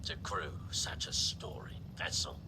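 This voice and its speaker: A man's voice: extremely low pitch, a little slow, heavily acted. An actor voicing an earnest male robot bosun who speaks in ceremonious, old-fashioned phrases. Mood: proud. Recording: game audio under loud hum.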